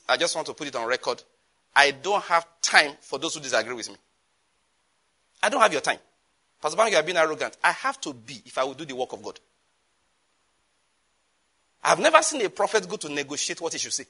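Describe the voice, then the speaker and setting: Emphatic preacher, bright voice. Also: male voice, fairly high pitch, fairly quick, long pauses, slightly rough. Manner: emphatic, animated preaching with repetitions and asides. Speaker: pastor. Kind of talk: sermon.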